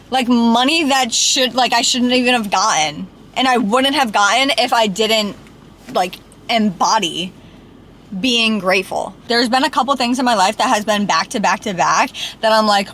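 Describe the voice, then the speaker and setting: A woman's voice: fairly high pitch, fairly bright tone, slight background noise, rough recording. A young woman talking unscripted to her camera as a vlogger, rambling and filling her talk with "like" and restarts. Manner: rambling, heavy use of "like", self-correcting. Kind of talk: unscripted casual vlog talk.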